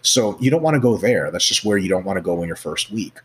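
A man with a low voice talks at a rapid clip as a guest expert. He is animated and swears freely, and he fills his speech with "like" and "you know" as he acts out little scenes. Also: husky. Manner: profane, animated, acts out scenarios; many fillers like "like" and "you know". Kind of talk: casual explanatory chat.

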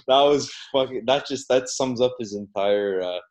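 A man chats as a podcast co-host, hesitant and full of fillers and repeated words. His pitch sits in the ordinary middle range, and he swears now and then. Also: moderate pace, a little mellow, a little hiss or hum. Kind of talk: casual chat.

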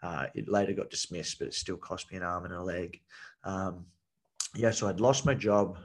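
A man's voice: low-pitched, moderate pace. A man, a podcast guest telling his story in casual chat, blunt and swearing freely, full of "like" and "you know.". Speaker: podcast guest, men's coach.

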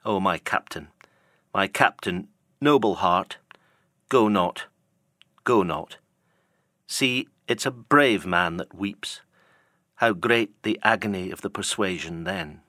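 A man voicing an anguished, loyal first mate on a whaling ship, speaking in a hushed, mournful old-fashioned way. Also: low voice, slow, pauses often, no room sound, studio quality, full character voice. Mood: pleading. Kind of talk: audiobook character reading.

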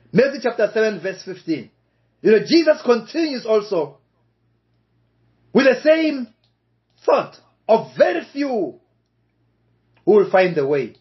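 A man preaching a sermon, slow and emphatic, repeating key phrases for weight. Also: high voice. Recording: dull lo-fi recording.

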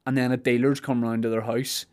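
A man's voice: mid-range voice, level tone, brisk. A man with a Belfast accent chatting casually on a podcast, rambling and joking and acting out silly voices. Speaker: podcast host. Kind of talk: casual comedic chat.

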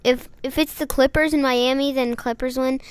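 A woman's voice: high-pitched, steady tone, normal speed, smooth, no echo. A woman co-hosting a casual sports podcast, playful and giggly, a bit hesitant. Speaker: podcast co-host.

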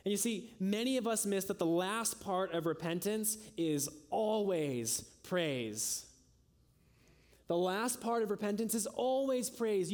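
Earnest preaching man, fairly high voice. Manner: earnest preaching, rising to high emphatic peaks and dropping to soft low endings. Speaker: pastor. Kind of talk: sermon.

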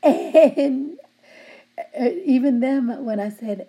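A middle-aged woman who supervises a work team, giving them affectionate shout-outs and teasing them while laughing often. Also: fairly low pitch, takes it slowly, gravelly, breathy edge.

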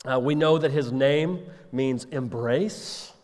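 A man's voice: medium pitch, slow pace, a little mellow, big-room sound. A man preaching a sermon as pastor, talking conversationally and asking his listeners rhetorical questions.

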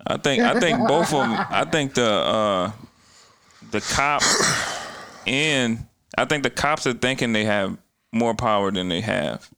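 A man's voice: mid-range voice, animated, a little slow, a bit bright. A man co-hosting a podcast in casual chat, mostly giving short reactions and speaking in a laid-back way. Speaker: podcast co-host.

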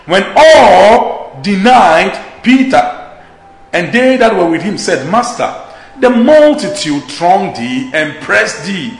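A male preacher delivers an exhorting sermon in a high, gravelly voice. He slows to a deliberate drawl whenever he reads scripture. The sound carries the echo of a roomy space. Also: very animated.

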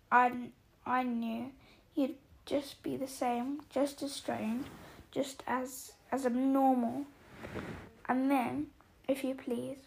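A woman voicing a bitter, shrill middle-aged aunt who rants and shrieks, in an audiobook reading. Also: vocal fry, darkish tone, exaggerated voice. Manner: shrieking, ranting.

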